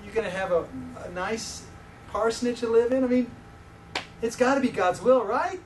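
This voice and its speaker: A man in his fifties preaches from a distance in an echoey hall, his voice pitched high for a man. He tells personal stories with animation and teases his listeners. A faint hiss hangs under his words. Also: moderate pace. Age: 50s. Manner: animated, joking with the audience. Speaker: visiting preacher. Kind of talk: sermon with personal storytelling.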